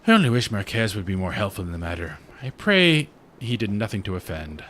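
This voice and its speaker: A man reading a game's gentle devout church sister aloud, formal and solemn. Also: on the low side, big pitch swings, a little fast, slight background noise.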